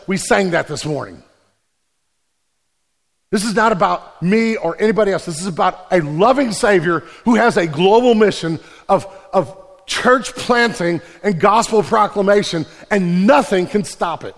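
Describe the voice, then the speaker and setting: A man's voice: sits high, animated, normal speed. A man preaching a sermon as pastor, casual and joking, then building to emphatic declarations. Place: large church hall. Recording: reverberant church hall.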